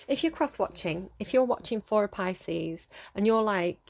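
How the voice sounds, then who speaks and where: A woman's voice: medium pitch, expressive, normal speed, creaky, darkish tone. Earnest woman reading tarot. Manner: earnest, coaxing, laughs often between points. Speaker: tarot reader. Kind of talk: casual tarot reading addressed to viewers.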